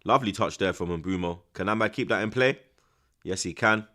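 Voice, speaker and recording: A young man giving excitable, slang-heavy live commentary on a football match, dropping to hushed mutters and bursting into loud outbursts. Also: low-pitched, brisk. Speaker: football watch-along streamer.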